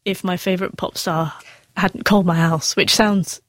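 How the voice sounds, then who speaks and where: A woman's voice: lowish voice, steady tone, normal speed, dry recording. Earnest woman who stutters. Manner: stutters with sound repetitions, candid and earnest. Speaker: interview guest. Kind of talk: personal storytelling in an interview.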